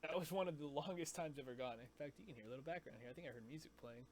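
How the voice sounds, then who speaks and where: A man casually explaining his scream techniques, stopping mid-sentence to demonstrate growls and shouts. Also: fairly high pitch, racing, noisy background. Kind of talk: casual vocal tutorial.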